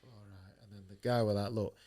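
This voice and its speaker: A man's voice: fairly low pitch, steady tone, fairly quick, mellow, husky. A man, a boxer telling his story bluntly in an interview, swearing freely and acting out what people said. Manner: blunt, swears freely, acts out quoted dialogue. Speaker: guest, professional boxer. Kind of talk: candid storytelling in a podcast interview.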